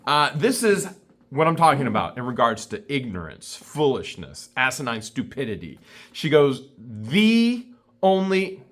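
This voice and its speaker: A man's voice: medium pitch, very animated, normal speed, a bit bright. A man vlogging an indignant, scornful rant to camera, repeating himself for emphasis. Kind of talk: ranting commentary to camera.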